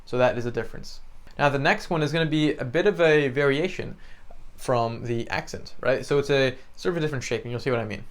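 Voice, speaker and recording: A man's voice: mid-range voice, quick pace. A young man teaching a beginner piano lesson in a casual, chatty way, often checking in with the listener and singing out the examples. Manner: chatty, explains with many "right?" and "you know", sings examples.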